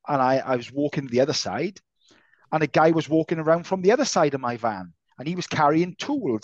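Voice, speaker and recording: A man co-hosting a casual martial arts podcast, an animated storyteller who swears freely and acts out voices. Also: high-pitched, no room sound, muffled recording. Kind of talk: casual chat.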